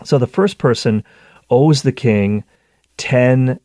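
A man hosting a show, giving a conversational teaching talk on scripture, animated and full of restarts. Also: fairly low pitch, normal speed, dry recording. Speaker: Catholic teacher and show host.

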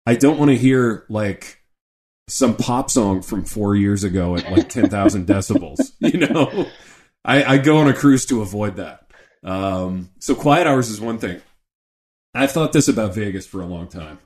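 Animated middle-aged man co-hosting a podcast. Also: fairly low pitch, unhurried. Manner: animated, joking, says "dude" a lot. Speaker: podcast co-host. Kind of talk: casual podcast chat.

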